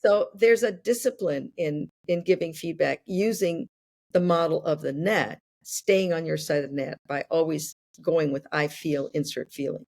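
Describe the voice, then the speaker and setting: An older woman in her sixties speaks with a gravelly texture and a slightly low pitch. She explains ideas patiently, building them up with worked examples, in an unhurried conversational style. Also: a little mellow. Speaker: guest. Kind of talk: conversational interview.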